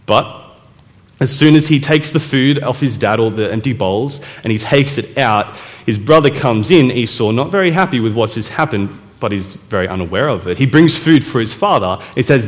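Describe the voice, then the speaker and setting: Chatty preacher in an echoey hall. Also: male voice, medium pitch, expressive. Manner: chatty, storytelling, with quick self-corrections. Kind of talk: casual sermon retelling a Bible story.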